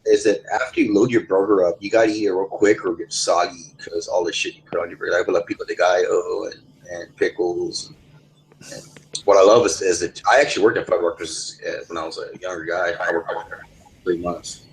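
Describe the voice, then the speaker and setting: Guy w a lowish voice rambling on in a voice chat lobby, swears a lot, faint hiss behind. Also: little pitch movement, fairly quick, gravelly, rough recording. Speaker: voice chat participant. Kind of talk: casual chat.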